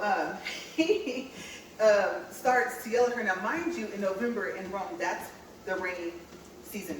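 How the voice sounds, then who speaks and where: A California woman vlogs while walking on a treadmill indoors, telling a story and laughing often as she chats to viewers. Her mid-range voice comes through an echoey room with a distant mic and slight background noise.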